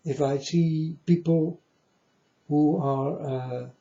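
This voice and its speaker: A man delivers a preachy monologue to viewers in a slightly high but very dark, mellow voice. He talks haltingly and grandly, calling out to his folks again and again, on a dull lo-fi recording. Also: steady tone. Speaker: self-styled preacher vlogger.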